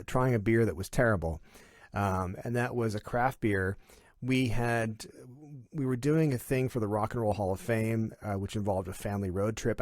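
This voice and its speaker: A middle-aged man from Canada, a podcast guest telling animated, self-deprecating stories in casual chat. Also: lowish voice, no room sound, clean studio sound.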